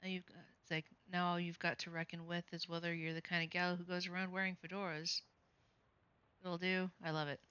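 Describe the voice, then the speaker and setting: A woman's voice: on the low side, little pitch movement, a little fast, pushed and bright, clean tone, no echo, lo-fi sound. A woman streaming a text game, reading its narration aloud with playful, wry asides.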